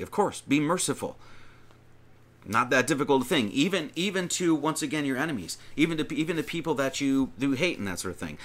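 Guy reading scripture and riffing on it, bright forceful voice, loose chatty sermon. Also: medium pitch, expressive, fairly quick. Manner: conversational, with many restarts and emphatic lists. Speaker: preacher.

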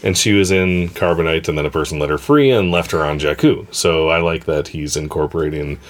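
A man's voice: a bass voice, fairly quick. A man hosting a casual podcast chat, reading listener emails and laughing often. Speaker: podcast host.

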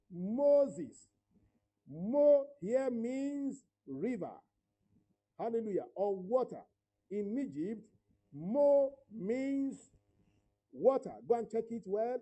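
A man's voice: high-pitched, warm tone, rough recording. A male pastor preaching and praying fervently, declaring and repeating phrases. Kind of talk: sermon and prayer.

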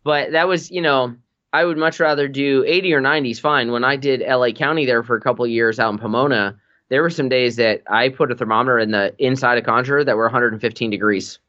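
A man's voice: mid-range voice, fairly even intonation, quick pace, bright, forceful tone. Easygoing man telling stories, lo-fi sound. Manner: easygoing storyteller, laughs often. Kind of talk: casual chat.

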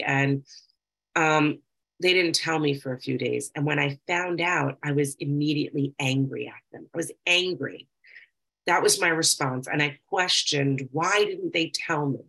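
A woman with a low, gravelly voice talks reflectively about her own experience. She reads passages aloud slowly and deliberately, then shifts into loose, personal speech, and her tone stays slightly husky throughout. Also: a bit bright, low-quality recording. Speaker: speaker sharing recovery experience. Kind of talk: personal talk with reading aloud.

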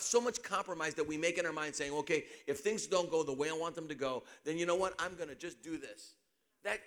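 A middle-aged man preaching a sermon, telling a personal story with animated delivery and sudden shouts. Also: high-pitched.

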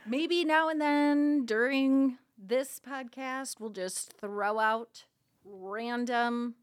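A woman's voice: on the high side, drawn-out words, no echo, studio quality. A woman co-hosting a casual podcast, giggling and playfully hamming up pirate talk with her co-hosts. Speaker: podcast co-host.

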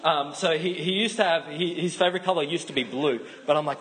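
An Australian man preaches in a relaxed, chatty way, often repeating and restarting his words. His voice sits slightly high, and faint room sound is heard behind him. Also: fairly quick, background noise. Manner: chatty, informal, with frequent restarts. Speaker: pastor. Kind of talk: sermon.

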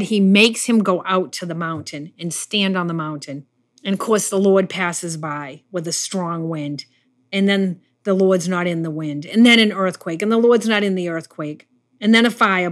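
Woman preaching a sermon, earnest, middle pitch, acts out the story bits. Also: a bit bright. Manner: earnest, acts out the Bible figures' lines in quotes.

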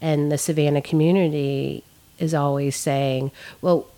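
A woman's voice: sits low, fairly even intonation, slow pace, darkish tone. A woman photographer talking in a podcast interview, earnest and reflective, laughing often. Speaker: photographer guest. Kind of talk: podcast conversation. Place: Savannah art community member.

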